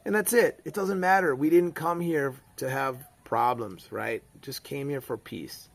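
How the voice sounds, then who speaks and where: A man's voice: medium pitch, a little slow, gravelly. A middle-aged man, telling a rambling story in a casual monologue full of fillers and restarts. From United States. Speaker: vlogger.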